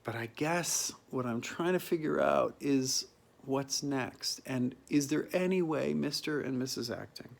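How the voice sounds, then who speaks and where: A man, an actor, giving a reflective solo monologue to an imagined listener, musing and halting with restarts and soft chuckles. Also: medium pitch, gravelly. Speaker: actor performing a solo piece.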